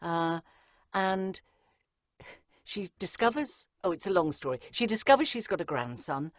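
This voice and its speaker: A woman audiobook narrator answering interview questions in a chatty, lively way, with frequent ums and asides. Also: fairly low pitch, a little slow, no room sound, clean studio sound.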